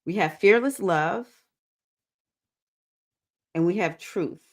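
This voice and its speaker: A woman with a Southern accent hosting a livestreamed spiritual circle for women, talking in an earnest, preachy way with bursts of excitement. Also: fairly low pitch, takes it slowly. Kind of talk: livestream talk to a women's group.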